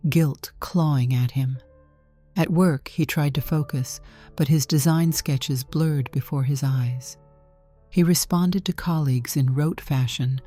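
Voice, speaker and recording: Low, dark-voiced woman narrator. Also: no echo. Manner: calm, measured storytelling. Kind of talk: scripted narration. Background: faint music.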